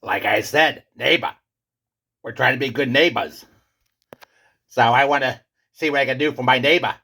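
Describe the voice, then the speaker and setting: Man playing a bragging pizza hero, gravelly and husky, bright edge, theatrical. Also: moderate pace. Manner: booming, theatrical, insistent. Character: boastful male pizza character, self-styled great one. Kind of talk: comedy skit.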